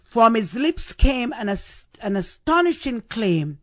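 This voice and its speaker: Female devotional podcast host, slow and measured delivery, repetitive, full of rhetorical questions. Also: fairly high pitch, sing-song, a bit bright. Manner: repeats phrases and asks the listener rhetorical questions. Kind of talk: devotional scripture reflection.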